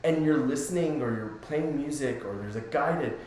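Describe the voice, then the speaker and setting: A man's voice: on the high side, normal speed, a little mellow, a little hiss or hum. A man, a spiritual coach, chatting casually on a podcast in an easygoing way that keeps checking in with the listener. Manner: easygoing, keeps asking "right?". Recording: very echoey room.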